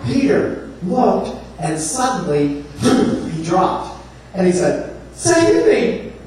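A man preaching a sermon, telling the story in an animated, humorous way and acting out voices. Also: high-pitched, takes it slowly. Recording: echoey room from far off, faint noise.

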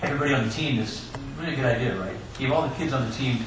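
A man's voice: medium pitch, very fast. Male pastor in an echoey church. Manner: personal storytelling with joking asides. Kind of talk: Easter sermon. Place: church sanctuary. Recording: echoey church room, distant mic, background hiss.

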